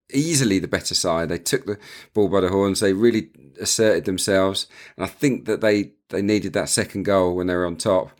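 A man discusses matches as a pundit. He talks haltingly, often doubling his words as he works out his point. His voice is very deep. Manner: halting, repeats words as he thinks. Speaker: football pundit. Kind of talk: casual studio punditry.

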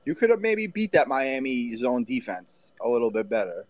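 A man on a basketball podcast whose voice swings up and down as he talks. He gets excited and stumbles over his words. The sound is dry and close. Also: mid-range voice, moderate pace, dry recording. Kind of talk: sports debate talk.

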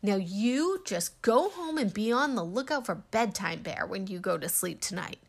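A woman voicing a small grumpy male blue bear in a storybook reading, with a slightly gruff, gently reassuring voice. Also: mid-range voice, animated, normal speed. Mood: kindly gruff.

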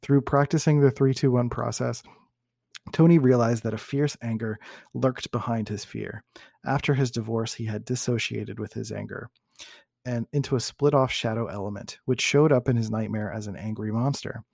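A man reading a book passage aloud in a measured way, sometimes restarting words and adding comments of his own. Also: medium pitch, vocal fry, darkish tone, dry recording, clean studio sound. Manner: measured, with occasional restarts and self-corrections.

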